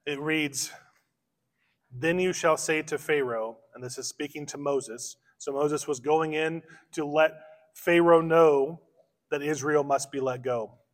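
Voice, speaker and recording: A man preaching an expository sermon as pastor, slowing down to stress key phrases. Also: on the high side, steady tone. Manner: expository preaching, slows for emphasis. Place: church sanctuary. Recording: long church reverb.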